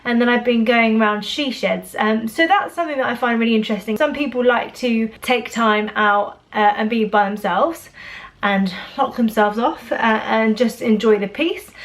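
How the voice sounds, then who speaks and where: A woman in her thirties from England chatting casually to camera in a rambling vlog, full of restarts. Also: on the high side. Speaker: vlogger.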